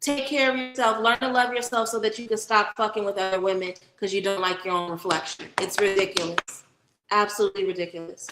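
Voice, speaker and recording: A woman's voice: medium pitch, steady tone, fairly quick, roomy sound, background noise. A woman hosting a casual livestream, chatting directly with viewers and giving a tarot reading, swearing freely. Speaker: spiritual reader and livestream host.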